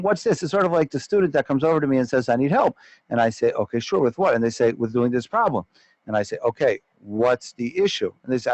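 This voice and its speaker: A male rabbi leads a Torah class with animated energy. His voice sits slightly high for a man, and he often trips over repeated words mid-thought. The sound is dry and close, with no room around it. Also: dry recording, low-quality recording.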